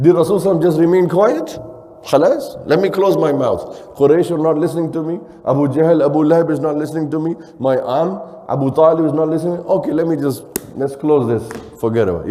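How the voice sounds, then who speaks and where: Male imam, dark mellow voice, sermon in a hall with long reverb, rhetorical questions. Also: medium pitch. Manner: preaching with Arabic phrases mixed in, rhetorical questions, acting out quotes. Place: mosque hall.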